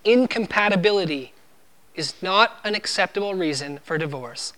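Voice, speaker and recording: A man's voice: high-pitched, animated, normal speed, pushed and bright. A man preaching a sermon as pastor, earnest and emphatic, driving points home with firm repeated refrains.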